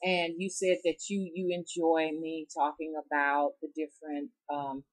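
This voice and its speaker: Low-pitched Southern woman with a drawl; casual, meandering vlog storyteller. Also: little pitch movement, normal speed, rough recording. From Southern United States. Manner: rambling, chatty, talks straight to her audience. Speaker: rootworker storyteller.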